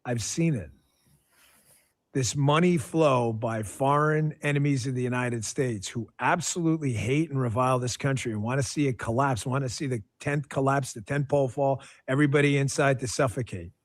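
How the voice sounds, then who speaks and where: A man giving emphatic, animated podcast commentary as a political host, full of asides. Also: mid-range voice, normal speed.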